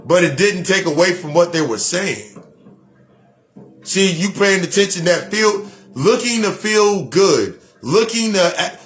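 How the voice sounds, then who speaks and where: A spiritual speaker with a fairly high, bright voice gives a motivational monologue. He's blunt and preachy, repeats himself, and swears freely.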